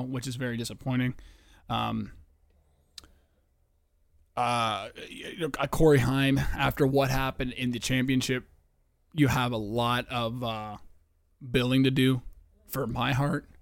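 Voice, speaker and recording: A man's voice: mid-range voice, dry recording. Rambling, swearing man hosting a podcast. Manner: rambling, profane, many fillers and restarts. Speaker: podcast host. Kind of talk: casual solo podcast chat.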